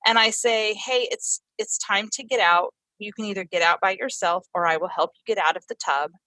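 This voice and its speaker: A woman's voice: mid-range voice, bright, forceful tone, no echo, poor audio. A woman speaking as a parenting educator in an interview, earnest and explaining her ideas through family stories. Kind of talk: conversational teaching in an interview.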